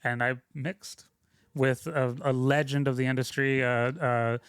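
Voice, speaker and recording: A young man rambles casually through career stories, stopping and restarting with plenty of fillers. His voice sits at a middle pitch. The recording is dry and close. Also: fairly even intonation, a little slow, smooth, no room sound. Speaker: guest, film sound mixer. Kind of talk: casual interview storytelling.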